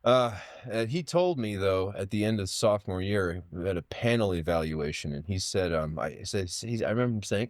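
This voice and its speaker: Low-voiced man telling rambling stories. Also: a little fast, few pauses, no room sound, studio quality. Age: late 30s. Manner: rambling, full of restarts and fillers. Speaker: podcast guest, poet and writer. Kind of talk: casual interview storytelling.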